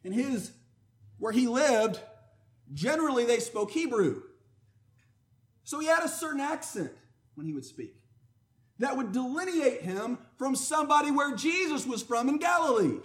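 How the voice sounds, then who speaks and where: A man with a very high voice preaches a sermon. He talks in a conversational way, telling personal stories, then swings up to loud, emphatic declarations before dropping back to quiet asides. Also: very animated, moderate pace, long pauses.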